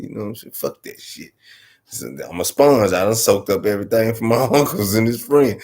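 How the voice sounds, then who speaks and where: The storyteller host, a Southern-accented man from Arkansas, talks a little fast in a lowish, slightly mellow voice. His comic story is loose, profane and rambling, peppered with "you know what I'm saying."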